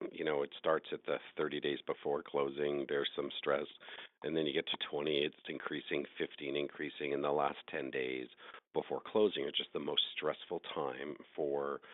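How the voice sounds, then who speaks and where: Casting: middle-aged male host, very low voice, earnest coaching tone, dry phone line. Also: dry recording. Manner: earnest, encouraging, advice-giving. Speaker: host, real estate agent. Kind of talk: podcast interview, coaching agents. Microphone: phone call. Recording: tinny phone-line audio.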